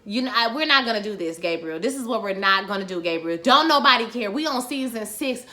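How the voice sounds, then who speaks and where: A woman recapping a TV episode in casual vlog chat, sassy and animated, acting out the characters' lines as she goes. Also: mid-range voice, fast talker.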